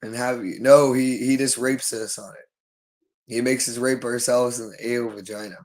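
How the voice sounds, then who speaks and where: A man's voice: mid-range voice, fairly even intonation, moderate pace, rough recording. A man talking alone on a livestream, repeating himself insistently. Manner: repetitive and insistent. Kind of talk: unscripted livestream monologue.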